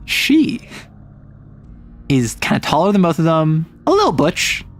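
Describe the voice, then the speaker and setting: A man streaming a casual chat, retelling a story in an animated, rambling way full of fillers. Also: a little high, unhurried.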